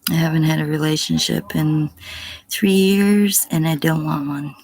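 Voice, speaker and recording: A woman's voice: deep voice, unhurried, darkish tone, dry recording. A middle-aged woman on a casual livestream answering chat, blunt and profane, sometimes dropping to a whisper. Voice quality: gravelly, husky.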